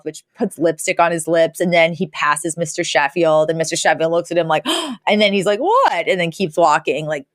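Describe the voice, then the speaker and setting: A woman's voice: fairly low pitch, fairly bright tone, no echo, studio quality. A woman co-hosting a podcast in casual chat, retelling scenes with lots of fillers. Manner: chatty, retells scenes with lots of likes and you-knows. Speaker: podcast co-host.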